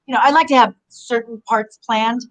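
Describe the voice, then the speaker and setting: A woman's voice: fairly high pitch, normal speed, rough recording. Chatty woman spinning rambling stories. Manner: rambling, animated, heavy use of "you know". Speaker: guest, former pro wrestler. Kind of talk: casual interview storytelling.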